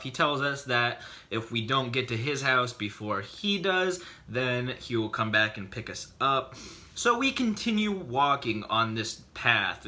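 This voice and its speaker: A male vlogger tells a comic story from his own life, his bright, sharp voice leaping high and low. He jokes along the way, talking in quick excited bursts. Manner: animated, joking, quick bursts.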